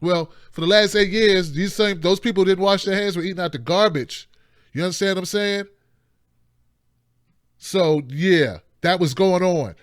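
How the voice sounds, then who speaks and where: Male call-in show host, high voice, dry close mic, rants emphatically with sarcastic asides. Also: moderate pace, clean tone, dry recording. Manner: rambling, emphatic, mocking asides. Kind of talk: impassioned political commentary.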